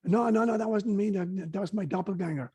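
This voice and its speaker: Frightened denying disciple, high and protesting ; man doing the voice. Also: steady tone, fast talker, warm tone, slightly rough. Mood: panicky denial. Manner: panicky, protesting.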